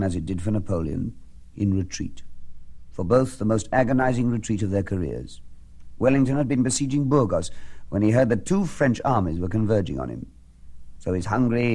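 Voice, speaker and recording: A man narrating a scripted historical documentary in a measured, grave, theatrical way. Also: fairly low pitch, darkish tone.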